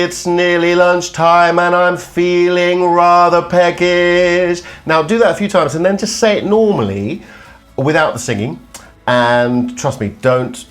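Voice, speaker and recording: A middle-aged male voice coach teaching vocal exercises, demonstrating hums and sung tones as he explains. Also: mid-range voice. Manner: demonstrative, hums and sings examples.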